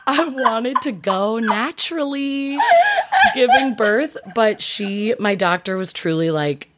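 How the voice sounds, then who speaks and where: A woman's voice: fairly high pitch, animated, slow pace, a little hiss or hum. A woman in her thirties chatting casually as a podcast guest, telling a personal story candidly and with animation. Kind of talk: casual chat.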